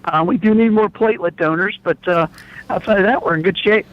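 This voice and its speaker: A man's voice: high voice, a little fast, dull audio. A man calling in to a radio show by phone from a car, talking in an opinionated, rambling way with many restarts. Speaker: blood bank representative phoning in. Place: in a car on the road.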